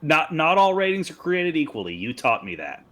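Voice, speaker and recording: Male co-host, casual movie chat, dry, wry, relaxed. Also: on the high side, normal speed. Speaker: podcast co-host. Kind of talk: casual movie podcast banter.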